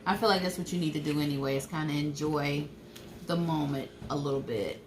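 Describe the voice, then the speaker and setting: A woman's voice: low voice, brisk, background noise. A woman giving a casual tarot reading, hesitant and full of "um" and "I feel like". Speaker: tarot card reader, co-host. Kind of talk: casual live card reading.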